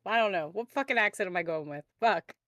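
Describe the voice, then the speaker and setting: A woman's voice: medium pitch, expressive, quick pace, a bit bright, no echo, clean studio sound. A woman playing a tabletop game, casual and swearing. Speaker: player.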